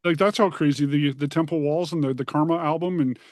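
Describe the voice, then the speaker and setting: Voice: medium pitch, fairly even intonation, brisk, no echo, studio quality. A radio host asking conversational interview questions and giving brief yeahs while the guest talks. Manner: brief back-channel replies, conversational questions.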